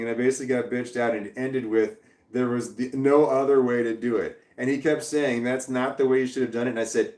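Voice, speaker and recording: A man's voice: mid-range voice, darkish tone, reverberant. A man on a casual livestream, ranting heatedly and swearing, with laughs between sentences. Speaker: vlogger.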